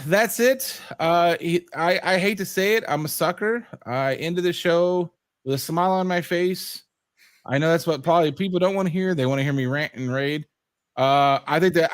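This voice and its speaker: Animated man with a dry close sound. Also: fairly high pitch, no echo. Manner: animated, swears freely, acts out quotes. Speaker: podcast host. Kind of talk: casual chat.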